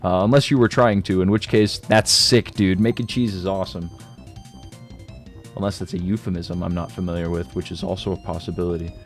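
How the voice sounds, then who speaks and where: A man's voice: deep voice, steady tone, fairly quick, faint music behind. A man streaming a game and chatting casually, laid-back and slangy, joking at his own expense and laughing often.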